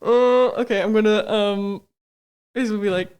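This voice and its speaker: A woman's voice: medium pitch, fairly even intonation, normal speed, a little mellow, clean tone. A woman playing a tabletop game, hesitant and laughing often. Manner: giggly, hesitant. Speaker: player.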